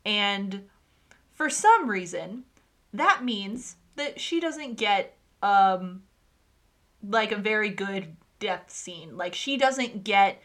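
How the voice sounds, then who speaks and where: Bright-voiced woman ranting casually. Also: medium pitch, slow. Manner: animated, swearing, ranting. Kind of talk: casual chat.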